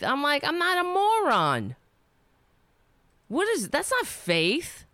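Unhurried indignant woman storyteller, dry close sound. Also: high voice, wildly swooping pitch, a bit bright, no room sound. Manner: rambling, indignant, profane, trailing off. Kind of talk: personal storytelling monologue.

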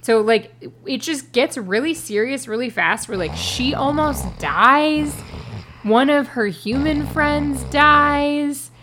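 A woman's voice: sits high, expressive, takes it slowly, a bit bright, slight background noise. A woman co-hosting a podcast, giving a wry, sarcastic book critique in casual chat. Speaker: podcast co-host.

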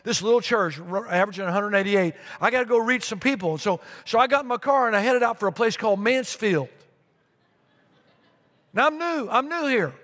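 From a church stage, a middle-aged pastor delivers a sermon into a stage microphone, his fairly high voice trailing a long reverb through the sanctuary. He speaks a little fast, telling a story full of repeated phrases and lively asides.

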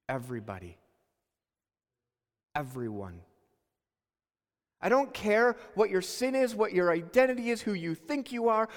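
A male pastor delivering a sermon in a church sanctuary, his fairly high voice carrying a long reverb tail through the hall. He preaches earnestly, sinking into soft, low asides and then climbing into emphatic calls to the congregation.

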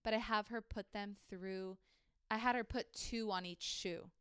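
A woman's voice: mid-range voice, fairly even intonation, measured pace, a bit bright, clear, resonant tone, no echo, studio quality. A young woman co-hosting a podcast, telling a story in a chatty way, full of "like", acting out the people she quotes. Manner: chatty, heavy use of "like", acts out quoted people. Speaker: podcast co-host. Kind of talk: casual storytelling chat.

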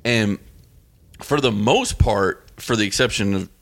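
A man's voice: on the low side, unhurried. A man co-hosting a podcast in casual chat, laid-back, swearing and using a lot of "like". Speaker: podcast co-host.

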